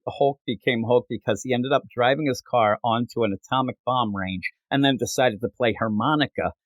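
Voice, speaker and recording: A man hosting a comic book podcast in casual chat, animated and acting out characters in silly voices. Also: medium pitch, a little fast, no echo, muffled recording.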